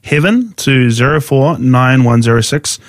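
A man's voice: mid-range voice, expressive, measured pace, no echo, studio quality. A man co-hosting a radio show, steadily announcing a giveaway and its details. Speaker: radio co-host. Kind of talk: casual radio chat.

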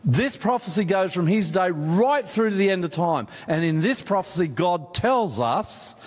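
Australian man, sermon, fairly high voice, long hall reverb, emphatic, talks to the crowd. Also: expressive, a little slow. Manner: emphatic, conversational, addresses audience directly. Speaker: preacher. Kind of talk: sermon on Bible prophecy. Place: meeting hall with audience.

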